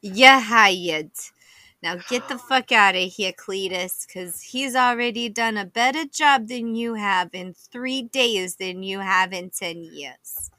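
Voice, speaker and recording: A bossy woman who swears freely and gets straight to the point, voiced by a woman running the game. Her voice is bright and forceful. It is recorded close, with a dry sound. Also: medium pitch, slow pace, no room sound. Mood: angry. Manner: blunt and swearing. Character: bossy, foul-mouthed woman firing her lazy sheriff.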